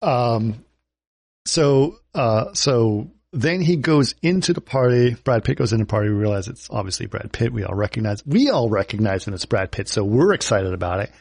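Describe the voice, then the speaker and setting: A man's voice: mid-range voice, animated, moderate pace, creaky, a little mellow, breathy edge, no room sound. A man casually retelling film scenes as a podcast co-host, rambling and laughing, on a call mic.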